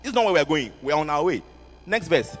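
A man preaching a sermon to students, animated, repeating words and asking the audience questions. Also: on the high side, fast talker. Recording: music underneath, long hall reverb.

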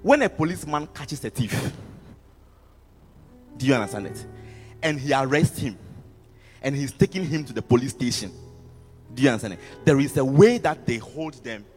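A man preaching a sermon to students, animated, repeating words and asking the audience questions. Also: medium pitch, moderate pace, pauses often. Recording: music underneath, long hall reverb.

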